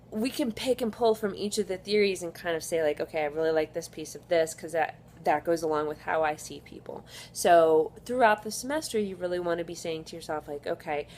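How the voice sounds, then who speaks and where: A woman's voice: low-pitched, a little mellow, a little hiss or hum. A woman psychology instructor giving a casual recorded lecture, conversational, with frequent fillers and restarts.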